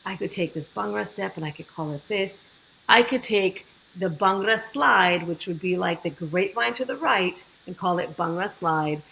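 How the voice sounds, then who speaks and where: A woman guest on a podcast, telling her story in a lively way and acting out the dialogue she quotes. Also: mid-range voice, normal speed, vocal fry, slight background noise, rough recording. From United States. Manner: animated, acts out quoted dialogue. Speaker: fitness program founder, guest.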